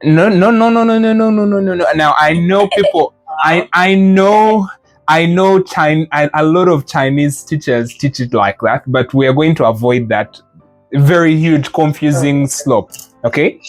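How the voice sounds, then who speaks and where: In a live group lesson, a Mandarin teacher patiently corrects students, modeling sounds first and then explaining them with playful imagery. The voice is medium-pitched and a little slow, with soft background music.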